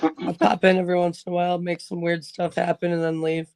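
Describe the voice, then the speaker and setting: A woman in her late twenties from Minnesota with a Minnesotan accent, a guest in a casual group chat who makes dry, deadpan quips. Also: fairly low pitch, quick pace, gravelly, no echo. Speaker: livestream guest.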